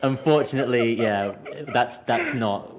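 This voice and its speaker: A man from England with a softened Birmingham accent, an English teacher chatting casually and speaking clearly and deliberately for learners. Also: sits low, fairly even intonation, music in the background. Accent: mild English Midlands, softened Birmingham. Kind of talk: casual unscripted conversation.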